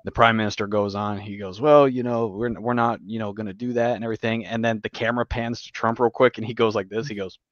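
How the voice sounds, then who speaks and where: A man's voice: lowish voice, fairly even intonation, fast, few pauses, no echo, highs cut off. A laid-back man co-hosting a podcast, swearing freely and calling his friend bro and dude. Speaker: podcast co-host. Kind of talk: casual political chat.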